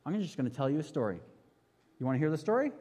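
A man voicing a calm father, a mechanic, who speaks to his son in a measured way, heard in a reverberant hall. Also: a little high, slightly rough, pitched below the performer's own voice.

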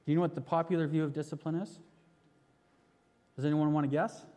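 A man's voice: fairly high pitch, fairly even intonation, fast, mellow. A man in his thirties preaching, telling a story animatedly and putting questions to the audience. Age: 30s. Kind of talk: sermon with storytelling. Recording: long hall reverb.

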